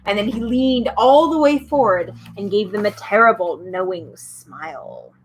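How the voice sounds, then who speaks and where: A woman's voice: medium pitch, expressive, measured pace, a little hiss or hum, low-quality recording. A woman reading a children's book aloud at home, with chatty, bubbly asides. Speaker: storyteller.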